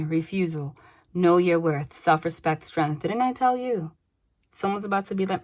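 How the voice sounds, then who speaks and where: A woman doing a casual tarot reading, blunt and animated, swearing freely and laughing between cards. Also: lowish voice, normal speed. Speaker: tarot reader.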